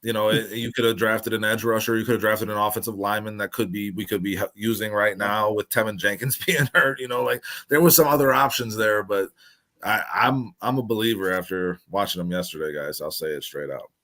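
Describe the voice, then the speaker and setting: Laid-back sports show host. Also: male voice, on the low side, brisk, sharp tone. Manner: laid-back, laughs often. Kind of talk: casual sports chat.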